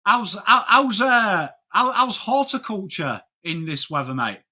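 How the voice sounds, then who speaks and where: A man from England hosts a relaxed live sports watchalong stream, chatting with viewers and greeting them by name. His high-pitched voice swings widely in pitch, with a sharp tone and an unhurried pace.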